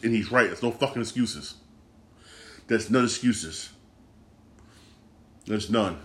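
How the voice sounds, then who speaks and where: Guy ranting solo on his sports podcast, pissed off, cussing a lot, keeps repeating himself, middle pitch. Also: steady tone, moderate pace, long pauses, fairly bright tone. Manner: frustrated, swears often, repeats himself. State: upset and disgusted. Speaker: podcast host. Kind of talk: casual sports rant.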